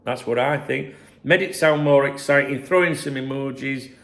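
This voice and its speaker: Gravelly, sarcastic football host. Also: male voice, medium pitch, normal speed. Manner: sarcastic, rambling, mocking reads of press claims. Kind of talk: casual commentary to camera.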